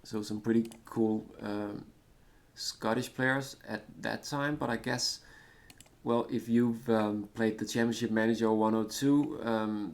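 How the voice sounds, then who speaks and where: A Danish man, whose first language is Danish, casually commenting on a retro football management game, rambling and hesitant with many fillers and a self-deprecating manner. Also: lowish voice. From Denmark. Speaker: gaming commentator. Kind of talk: casual let's-play commentary.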